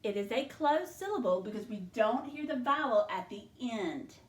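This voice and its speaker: A woman teaching a second grade phonics lesson, slowly sounding out syllables in a clear teacher voice. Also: a little high, big pitch swings, reverberant.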